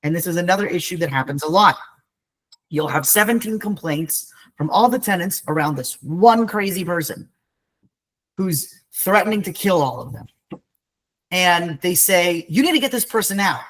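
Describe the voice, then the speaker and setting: A man's voice: high-pitched, moderate pace, a bit bright, poor audio. A man, an eviction attorney, speaking on a video call in a blunt, wry, conversational way during a training webinar.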